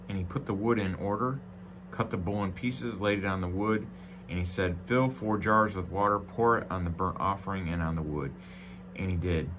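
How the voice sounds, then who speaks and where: A male pastor with a fairly low voice preaches, reading scripture and breaking in with dry jokes. He moves between loud, emphatic declarations and quiet, hushed reflection. A faint hum runs underneath. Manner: reads scripture aloud with asides and jokes. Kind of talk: sermon. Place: church.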